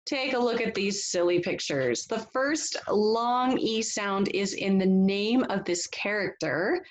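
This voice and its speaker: A woman teacher giving a read-aloud phonics lesson, reading slowly and deliberately and laughing softly now and then. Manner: slow, deliberate reading with lively pitch and soft laughs.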